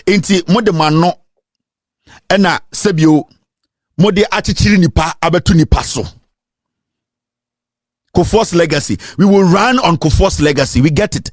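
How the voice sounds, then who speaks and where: Firing off one rhetorical question after another, a Ghanaian political commentator rants with fiery energy, his fairly high voice jumping around. He moves between English and Twi, at times with a sing-song lilt, captured in a dry, close recording with no room sound.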